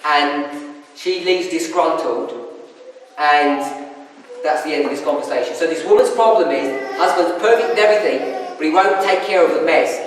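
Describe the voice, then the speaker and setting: A man preaching a sermon, telling a marriage story in an animated way and acting out the people in it. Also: a little high, normal speed. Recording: echoey hall, distant mic, faint noise.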